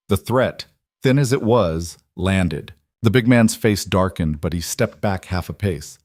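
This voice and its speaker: A man with a low voice narrates a dramatic historical story in a steady, measured manner. The recording is dry and close, with no room sound. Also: dry recording. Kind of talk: scripted narration.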